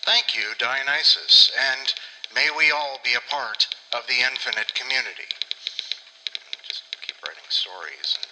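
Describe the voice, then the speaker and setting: A man's voice: medium pitch, measured pace, bright, forceful tone, slight background noise, low-quality recording. A man hosting a podcast in casual, rambling, self-mocking chat. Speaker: podcast host.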